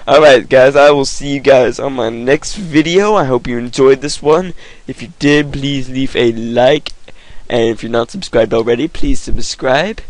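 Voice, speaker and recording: A man doing goofy, excitable gameplay commentary, his voice affected by a cold. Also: medium pitch, unhurried, no room sound, rough recording. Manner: goofy, excitable, yelps at the game. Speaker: gaming YouTuber.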